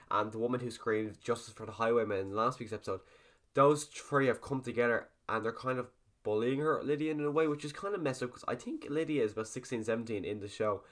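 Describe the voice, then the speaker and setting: A young man giving a rambling, animated video review of a TV episode, swearing freely as he goes. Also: lowish voice.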